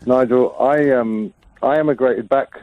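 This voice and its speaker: A man's voice: medium pitch, normal speed, no room sound. A man in his fifties calling in to a radio show, talking eagerly and rambling. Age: 50s. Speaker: caller. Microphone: telephone. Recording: tinny phone line.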